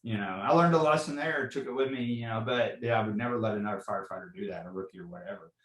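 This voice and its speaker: Speaking quickly in a lowish voice, a man in his forties who works as a fire captain tells personal stories during a podcast interview. The recording is roomy and poor. His manner is earnest, full of "you know," and repetitive.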